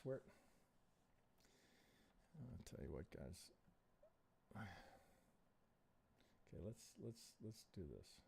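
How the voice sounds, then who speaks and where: Gravelly-voiced man muttering on a live stream. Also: on the low side, animated, slow, pauses often, dark tone, a little hiss or hum. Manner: frustrated, swearing, muttering to himself; thinking aloud, rhetorical questions. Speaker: trading analyst and live stream host. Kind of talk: live stream chart review.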